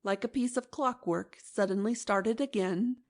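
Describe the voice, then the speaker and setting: In a scripted audiobook narration of a classic novel, a woman with a medium-pitched voice gives a measured, expressive reading.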